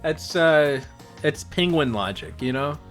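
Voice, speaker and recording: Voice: mid-range voice, expressive, unhurried, faint music behind. A streamer playing a story game, reading the dialogue aloud with a playful, jokey manner and switching into character voices. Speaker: let's play streamer.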